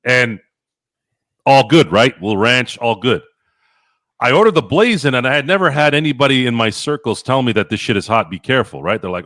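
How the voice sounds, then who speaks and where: A man hosting a podcast, telling stories in casual chat, animated and profane, acting out his own past lines. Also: medium pitch, brisk, dry recording, clean studio sound. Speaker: podcast host.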